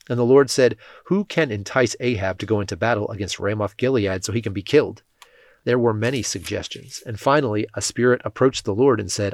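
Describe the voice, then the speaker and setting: A man with a low voice reads scripture in a measured, even way. He lightly shades the quoted lines without fully acting them. The recording is dry and close, with no room sound. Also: dry recording. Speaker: scripture reader. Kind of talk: scripted Bible reading.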